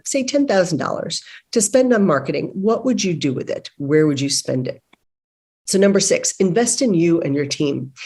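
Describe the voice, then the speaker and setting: Conversational woman presenter, somewhat low voice. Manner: conversational, animated storytelling with acted-out dialogue. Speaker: business consultant and webinar host. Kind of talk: webinar presentation.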